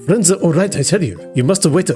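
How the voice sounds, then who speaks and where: A man voicing a crew-cut male yakuza henchman, curt and deadpan in broken English. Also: high voice, fairly quick, soft background music, pitched above the performer's own voice.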